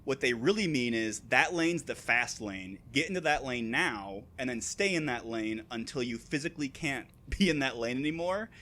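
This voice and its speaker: A man with a middle-pitched voice chats on a podcast. He gives joking opinions with mock confidence, often laughing at his own points. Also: expressive, normal speed, few pauses, sharp tone, slight background noise. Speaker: podcast co-host. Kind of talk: casual chat.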